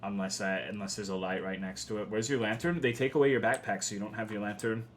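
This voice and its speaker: A young male streamer from Texas talks through a video game in a loose, rambling way, swearing freely as he gets frustrated. His voice sits on the low side. Faint keyboard typing sounds under his talk in a home setup. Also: fairly even intonation, fast talker, slight background noise. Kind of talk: casual livestream commentary.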